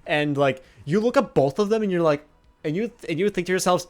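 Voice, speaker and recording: Male game master, slightly high voice, rambling and halting narration. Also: a little mellow. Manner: rambling with many fillers and restarts.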